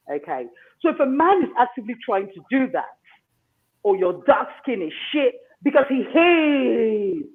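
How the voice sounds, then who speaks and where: A man hosting a talk show. He gives advice in an emphatic monologue and keeps asking "okay?". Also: sits high. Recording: tinny phone-line sound.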